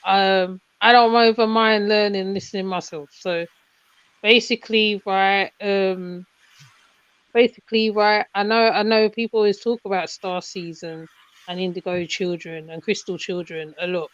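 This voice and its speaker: A woman's voice: mid-range voice, fairly even intonation, moderate pace, smooth, no echo. A woman with a hesitant manner, chatting casually with many fillers and repeated words. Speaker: mother and chat participant. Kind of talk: casual group chat. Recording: dull, dry lo-fi audio.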